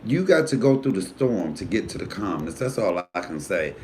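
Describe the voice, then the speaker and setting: Frank, animated male comedian live-streaming. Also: moderate pace, a little hiss or hum. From United States. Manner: animated storytelling, voice jumping high for quoted friends; profanity-laced, frank. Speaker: comedian and YouTube host. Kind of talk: casual live-stream chat.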